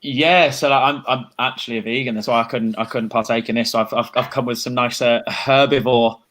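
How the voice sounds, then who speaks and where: A man's voice: mid-range voice, fairly even intonation, brisk, fairly bright tone. A man co-hosting a casual live whisky tasting as the cocktail expert, talking in an easygoing, enthusiastic way with lots of fillers. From United Kingdom. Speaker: bartender and co-host.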